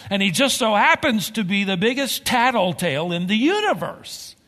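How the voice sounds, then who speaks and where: A man preaching a sermon as pastor, telling stories with emphatic, animated delivery. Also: high-pitched, normal speed, big-room sound. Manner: animated storytelling, emphatic swings.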